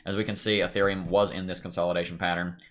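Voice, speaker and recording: A young man from Tennessee with a faint Southern accent hosts a crypto livestream from home. His voice sits low and his talk runs quick. He is upbeat and chatty, reading out viewer comments and thinking aloud over his charts. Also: level tone, fairly bright tone.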